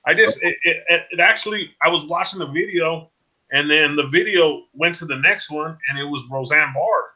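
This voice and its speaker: A man in his forties, a guest in a casual chat over a video call, talking in an animated way and often asking "you know what I mean?". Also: a little high, normal speed, muffled recording.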